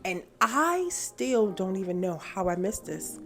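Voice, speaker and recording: A woman telling an animated, faith-filled story to her viewers in casual chat. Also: mid-range voice, measured pace. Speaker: vlogger. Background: music.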